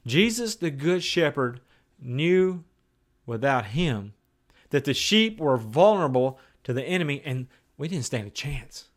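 A man preaching a sermon in a conversational way. He moves between raised, emphatic declarations and hushed, slow asides. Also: on the high side, very animated. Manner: conversational, with plain everyday phrases.

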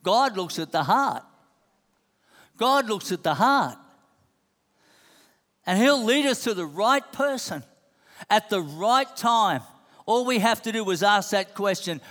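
Speaking slowly with long pauses, this man has a high, fairly bright voice and lively intonation. He's delivering a sermon in a church hall, hammering home rhetorical questions over and over, all wrapped in long reverb.

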